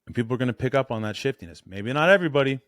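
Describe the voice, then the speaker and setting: A man coaching on voice and presence in a blunt, animated, casual way, correcting himself as he goes. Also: mid-range voice, rapid-fire, no room sound, studio quality.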